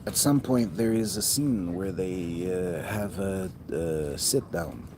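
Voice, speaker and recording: A man's voice: sits low, takes it slowly. A man talking in a rambling, profane monologue that often trails off mid-thought. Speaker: vlogger. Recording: noticeable background noise.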